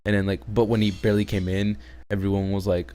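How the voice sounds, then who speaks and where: Deep-voiced male host, loose profane rambling review chat. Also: little pitch movement, fast talker, dark tone. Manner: rambling, swears heavily, laughs in disbelief. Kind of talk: casual chat.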